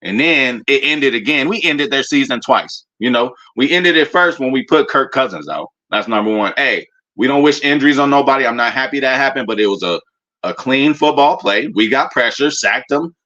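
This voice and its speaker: A man rants loosely and profanely about his team, his voice bright and pushing forward. He rambles, restarts and swears as he gloats. The sound is a bit muffled and lo-fi. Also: mid-range voice, moderate pace. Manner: animated, profane, rambling fan banter. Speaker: sports fan commentator. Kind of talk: casual fan rant.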